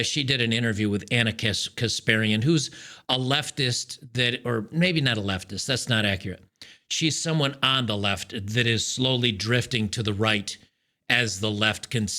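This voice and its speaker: A man talks to his viewers in a loose solo commentary, his voice bright and a little forceful. He sounds fed up and keeps stopping to restart his sentences, but the delivery stays casual, like an ongoing rant. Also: on the low side, normal speed. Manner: frustrated, ranting, many restarts. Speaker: podcast host.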